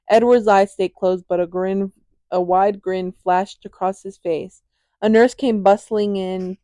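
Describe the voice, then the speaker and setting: Young woman, amateur audiobook reader, relaxed warm tone, stumbles and restarts, chatty asides, dry recording. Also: mid-range voice, no echo. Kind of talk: casual read-aloud of a novel.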